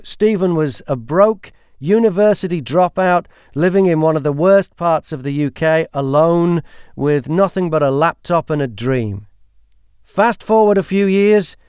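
A man's voice: fairly high pitch, darkish tone, smooth, no room sound, clean studio sound. A man hosting a podcast chart show, counting down entries and interviewing guests in an upbeat presenting manner.

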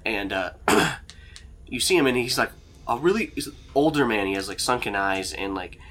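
A man's voice: medium pitch, lively intonation, moderate pace, fairly bright tone. A man running a tabletop game as game master, narrating in a casual, rambling way with lots of fillers. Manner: casual, rambling, laughs often.

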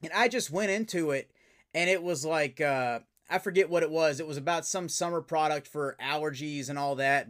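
A man hosting a podcast, an enthusiastic and animated storyteller chatting casually. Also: a little high, normal speed. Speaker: podcast host and voice actor. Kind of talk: casual interview chat.

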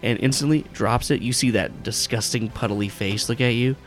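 A man's voice: mid-range voice, normal speed, faint music behind. A man narrating as game master in a tabletop game, rambling with lots of fillers and swearing.

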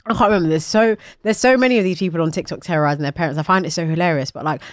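A young woman from England, chatting casually and expressively, jumping up high when she quotes herself. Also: racing, no echo, studio quality. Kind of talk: casual chat.

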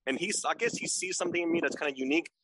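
Male guest, forties, rapid-fire and bright, stumbling over repeated words and checking for agreement; dry close sound. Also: fairly high pitch, dry recording, low-quality recording. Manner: stammering, repeats words, seeks agreement with "right?". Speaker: podcast guest. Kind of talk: casual remote chat.

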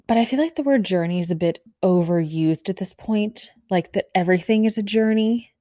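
A woman in her thirties hosting a casual solo podcast, talking fast and bubbly, rambling with lots of "like" and little laughs. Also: medium pitch, dark tone, no echo, studio quality. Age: 30s. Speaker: podcast host.

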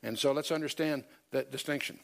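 A man's voice: medium pitch, fairly even intonation, fairly quick, creaky, a bit bright. A man teaching a Bible study lecture, emphatic, quoting scripture in old-fashioned wording, with many fillers and self-corrections. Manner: emphatic, quotes scripture in King James wording.

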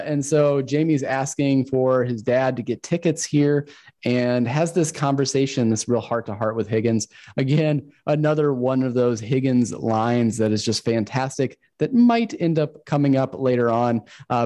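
A man's voice: medium pitch, measured pace, warm tone. Man recapping an episode on a podcast. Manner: steering the conversation, recapping scenes. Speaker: podcast co-host. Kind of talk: casual podcast chat.

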